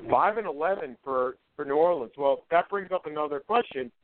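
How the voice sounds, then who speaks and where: A man's voice: on the high side, fairly quick, no echo. Confident man on phone-quality sports radio. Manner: confident, rattles off predictions, corrects himself mid-sentence. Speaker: radio sports show co-host. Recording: dry, phone-like radio audio.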